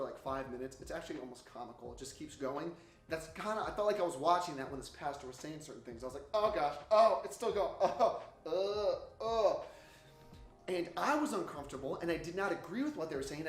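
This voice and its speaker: A man preaching a sermon series intro, animated and loud when he acts out his own reactions. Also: a little high, reverberant.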